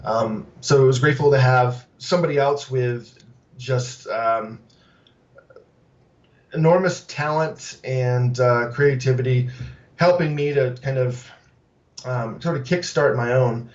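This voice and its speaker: A man's voice: medium pitch, measured pace, recorded from a distance, dull audio. A man being interviewed on a podcast about his food truck, talking casually with many fillers and restarts. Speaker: guest, food truck owner.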